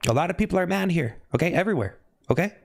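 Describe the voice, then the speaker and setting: A man live streaming who teases his chat with repeated needling questions and breaks into sudden high yelps. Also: animated, rapid-fire, creaky. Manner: teasing, repetitive needling questions.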